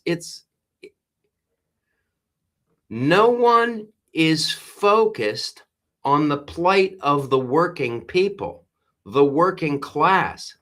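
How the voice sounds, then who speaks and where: A man hosting a casual live stream, talking in a rambling and exasperated way. He stops and restarts his sentences a lot and keeps breaking off to read viewer comments. His voice sits in an ordinary middle pitch. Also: bright, forceful tone. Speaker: host. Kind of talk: live-stream political commentary reading chat.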